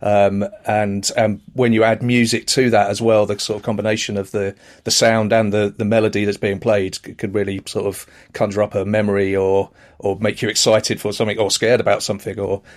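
A man's voice: lowish voice, level tone, a little fast, few pauses. A man musician talking casually and hesitantly, full of "sort of" and "kind of". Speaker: musician guest. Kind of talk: casual chat.

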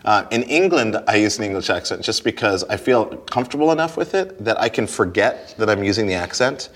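Deep-voiced man, rambling and laughing. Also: expressive, brisk, fairly bright tone. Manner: rambling, self-interrupting, laughs easily. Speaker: guest, stage performer. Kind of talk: casual interview conversation.

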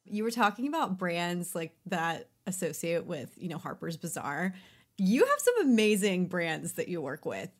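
A woman's voice: fairly low pitch, very animated, normal speed. A woman hosting a casual interview. She asks her questions with a playful, upbeat energy. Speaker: interview host.

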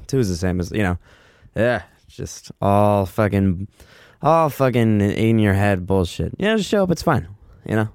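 Rambling, profane man with a smooth voice. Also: a little slow, no echo, studio quality. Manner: rambling, frequent profanity and filler words; loose, self-mocking, lively swings in pitch. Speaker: podcast host. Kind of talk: casual solo podcast monologue.

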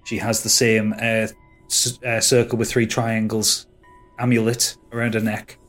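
A man's voice: lowish voice, completely flat delivery, a little slow, a bit bright, faint music behind. A man narrating as game master of a tabletop game, rambling and hesitant with fillers.

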